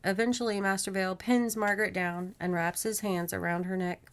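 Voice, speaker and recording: A woman podcast host reading a horror novel aloud in steady narration, with casual asides to her co-host. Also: mid-range voice, brisk.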